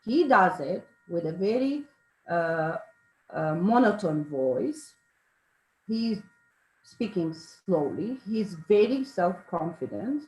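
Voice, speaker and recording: A woman explains things slowly and carefully. She often pauses, uses fillers and corrects herself mid-phrase. Her voice carries a roomy echo. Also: lowish voice, big pitch swings, a little mellow. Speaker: speaker on charisma. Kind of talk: informal talk with a participant. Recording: echoey room.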